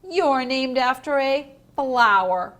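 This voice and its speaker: A woman's voice: fairly high pitch, animated, measured pace, bright, forceful tone. A woman voicing a bossy know-it-all schoolgirl in a picture book, smug and teasing.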